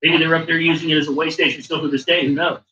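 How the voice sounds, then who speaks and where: A man's voice: fairly high pitch, level tone, rapid-fire, bright, forceful tone. A man hosting a show, reading a book aloud and breaking off for casual, profane asides. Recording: muffled distant mic with faint hiss.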